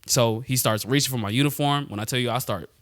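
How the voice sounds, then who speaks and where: Young man, podcast co-host, animated slangy storyteller, laughs a lot, medium pitch, dry sound. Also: fast talker, no echo. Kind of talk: casual storytelling chat.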